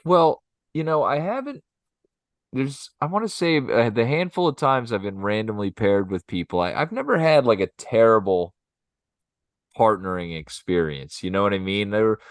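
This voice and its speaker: A man's voice: on the low side, normal speed, no room sound. A man co-hosting a podcast, telling stories in casual chat and often asking "you know what I mean?". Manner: animated storyteller, 'you know what I mean', ham impressions. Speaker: podcast co-host.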